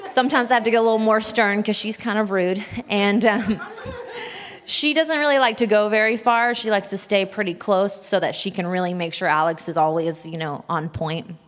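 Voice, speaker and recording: A woman's voice: mid-range voice, fairly even intonation, normal speed. A woman sharing a personal testimony with an audience, talking openly and confessionally, sounding shaky and nervous. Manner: open, confessional, breaks into nervous laughs. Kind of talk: candid personal talk to an audience. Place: large hall at a church event. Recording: long hall reverb.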